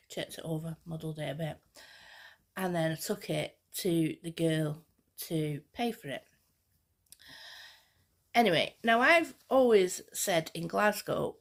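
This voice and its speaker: A woman chats excitedly to camera as a fashion vlogger, her story wandering as she goes. Her voice sits on the low side and has a gravelly, creaky edge. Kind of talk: casual chat.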